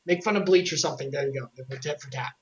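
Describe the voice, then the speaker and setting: A woman recapping game lore on a casual stream, animated and joking, with sarcastic asides. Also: a bass voice, fast talker, muffled recording.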